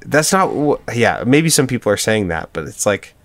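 A man's voice: medium pitch, dry recording. A man with a mid-range voice talks through song lyrics in a casual podcast chat. He is earnest and thoughtful, laughs often and fills his talk with "like". The sound is dry and close. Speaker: podcast co-host.

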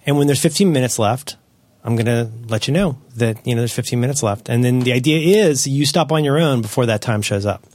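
A man hosting a podcast, chatting casually as a parent, rambling and correcting himself as he tells animated stories. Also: medium pitch, quick pace, no echo. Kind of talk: casual chat.

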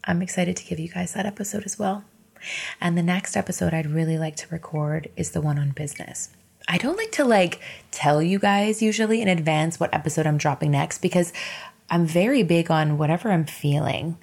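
A woman in her thirties records a solo podcast episode from her bed at home. Her voice sits low with a gravelly, husky grain. She speaks candidly and emotionally, encouraging her listeners and swearing now and then. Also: brisk, a little mellow. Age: 30s. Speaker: podcast host. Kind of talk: casual solo podcast monologue.

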